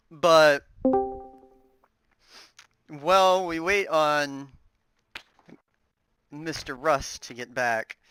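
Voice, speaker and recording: A man's voice: on the high side, pushed and bright, a little hiss or hum, poor audio. A man co-hosting a casual gaming podcast, easygoing, laughing often and trailing off mid-sentence. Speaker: podcast co-host.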